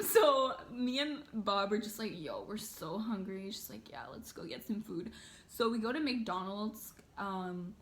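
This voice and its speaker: A woman's voice: on the high side, a bit bright. A young woman casually telling a rambling story to her viewers, full of fillers and swearing. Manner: rambling, lots of filler words and swearing, bursts of laughter. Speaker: vlogger.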